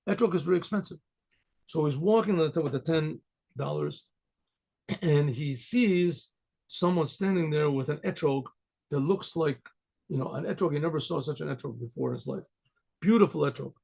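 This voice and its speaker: An older man tells a story the way a rabbi would to a small audience, wandering off into asides and catching himself mid-word. His voice sits a little high for a man, gravelly and husky. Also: darkish tone. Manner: rambling, restarts and asides, clears throat. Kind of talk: casual spoken storytelling.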